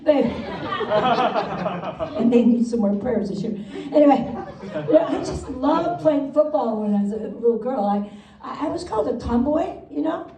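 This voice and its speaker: A woman's voice: a little high, dark tone. A woman in her seventies from Wisconsin performing a self-mocking stand-up set with punchy delivery and frequent laughs. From Wisconsin, USA. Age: 70s. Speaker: stand-up comedian. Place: comedy club stage with live audience. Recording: roomy club sound from a distance, crowd audible.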